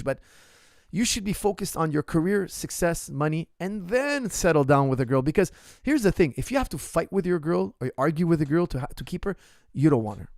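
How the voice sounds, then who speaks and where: A man's voice: a little high, gravelly, no echo, clean studio sound. A man coaching in an ask-me-anything session, speaking bluntly and emphatically and repeating his points straight to the viewer. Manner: addresses the viewer directly. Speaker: martial arts coach.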